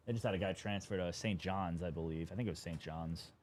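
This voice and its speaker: A young man hosting a live card-breaking stream, chatting casually and getting excited at big pulls. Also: low voice, fast talker, slight background noise.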